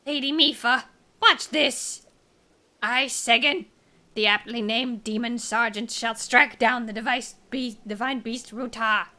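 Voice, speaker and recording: Reading game dialogue aloud, a woman voices a fervent young male soldier from a fish-like folk, puffed up with bluster and pride. Her bright, ringing voice sits on the high side, steady and a little slow, as he boastfully announces his own name with grand ceremony.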